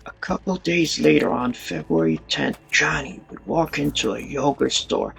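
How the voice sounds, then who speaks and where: A man's voice: mid-range voice, very animated, moderate pace, vocal fry, fairly bright tone, slight background noise. A man narrating a true-crime story in a casual, dramatic, colloquial way, acting out voices and sound effects.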